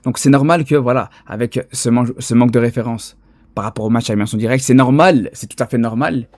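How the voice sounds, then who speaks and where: A man's voice: mid-range voice, fast talker, a little mellow, no echo, studio quality. A man from Belgium giving opinionated football commentary, insistent and talking straight to his viewers. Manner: insistent, addresses viewers directly. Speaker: football commentator on social media.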